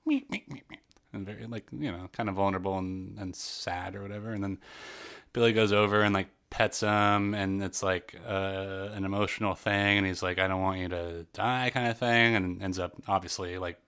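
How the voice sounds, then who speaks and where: Man, podcast co-host, casual movie chat, sarcastic, rambling, lowish clear voice. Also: level tone, moderate pace, fairly bright tone. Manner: rambling, laughs often, sarcastic asides.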